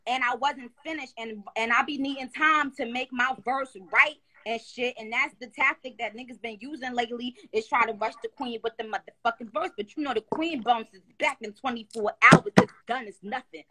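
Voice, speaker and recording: A woman with a bright, ringing voice sits a touch above the usual pitch as she chats on a phone live stream. She talks in an emphatic, slangy way and rambles loosely, circling back with restarts. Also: moderate pace, few pauses. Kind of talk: casual live-stream chat.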